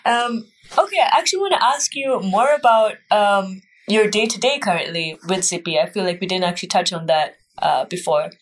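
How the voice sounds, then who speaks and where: A woman's voice: medium pitch, animated, normal speed, hardly any pauses, low-quality recording. A woman hosting a casual interview, friendly and saying "like" a lot. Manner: friendly, uses "like" often. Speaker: podcast host.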